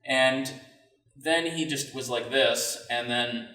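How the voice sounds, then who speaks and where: A man of middle pitch tells a personal story as a podcast guest, earnest and reflective, often pausing and restarting his thoughts. His voice sits a little back from the microphone, and the room around him rings with echo. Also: pushed and bright. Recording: roomy sound, mic at a distance.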